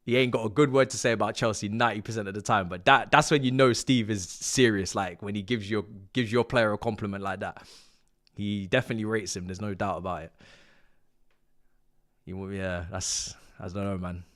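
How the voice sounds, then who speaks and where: A young man streaming a football watch-along, excitedly yelling and exclaiming at every moment of the match. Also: on the low side, fairly quick. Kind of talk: live reaction commentary.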